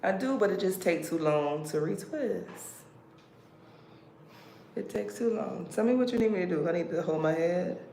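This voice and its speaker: An American woman hosts a casual livestream, chatty and playful, laughing as she talks. Her voice is lowish, creaky, and dark in tone, with lively intonation at a normal speed. The recording has a roomy echo and background noise.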